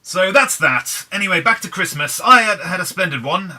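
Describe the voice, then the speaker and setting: A man's voice: sits high, lively intonation, moderate pace, sharp tone. An English man giving casual, wry, self-deprecating commentary as he plays Minecraft. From England. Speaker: gaming channel host.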